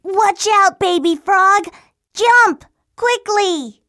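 A woman's voice: sits high, animated, slow pace. A woman voicing a curious, stubborn older boy frog in a children's storybook, speaking in a playful, insistent way. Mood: alarmed. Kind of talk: storybook acting.

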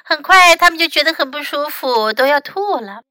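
A woman English teacher reading a picture book aloud in two languages, slow and expressive. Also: high voice, dry recording.

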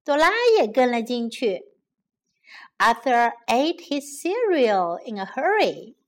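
A woman teacher narrating a children's storybook for young learners. She reads slowly and carefully, with a lively, rising and falling pitch. Her voice sits a bit high and close to the mic. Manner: slow, careful, gentle reading for children.

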